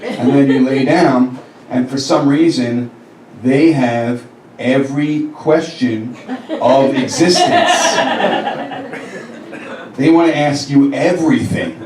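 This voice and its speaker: A man's voice: medium pitch, takes it slowly, long pauses, a little mellow. A man in his thirties doing a crude, conversational stand-up set, acting out quotes of himself and others. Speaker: stand-up comedian. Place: comedy club stage. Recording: roomy club, distant mic, crowd laughter. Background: audience laughing.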